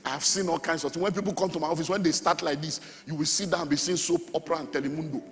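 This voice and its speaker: A middle-aged Nigerian man preaching a sermon as pastor, animated, with sudden shouts and sung phrases. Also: fairly high pitch, rapid-fire. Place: church hall. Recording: long hall reverb, faint music.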